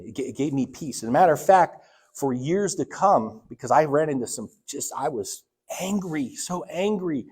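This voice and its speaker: A man with a darkish, slightly rough voice, a church elder, is preaching in the sanctuary. He tells a story from his own life and acts out the dialogue, his voice abruptly rising and falling in pitch and volume.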